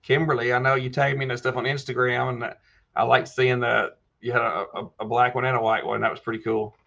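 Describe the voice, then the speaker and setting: A man's voice: mid-range voice, flat delivery, fairly quick, creaky, sharp tone, dull audio. A man hosting a casual live chat. He reads viewer comments aloud and answers them by name in a folksy way. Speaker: livestream host answering viewer questions.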